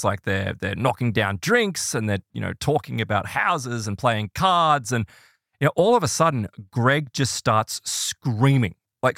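Man, podcast storyteller, very expressive pitch, close dry sound. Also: dry recording. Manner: animated, voices quoted people in higher pitch. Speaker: podcast host telling a ghost story. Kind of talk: casual storytelling chat.

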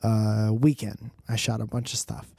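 A man's voice: lowish voice, flat delivery, unhurried, gravelly, warm tone, husky, no room sound, clean studio sound. A man doing a rambling, profane comedic monologue with joking asides.

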